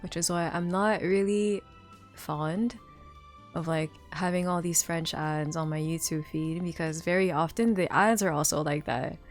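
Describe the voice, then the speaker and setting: A woman's voice: lowish voice, steady tone, measured pace. A woman streamer chatting casually with viewers, rambling with lots of fillers and restarts. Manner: rambling, many fillers and restarts, laughs often. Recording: faint music underneath.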